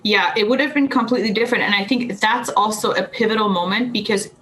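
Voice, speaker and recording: A woman's voice: mid-range voice, fast, rough recording. A young adult woman guest on a podcast, telling stories in casual chat, laughing often and acting out what people said. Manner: animated storyteller, laughs often, acts out quotes. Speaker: podcast guest, anxiety coach.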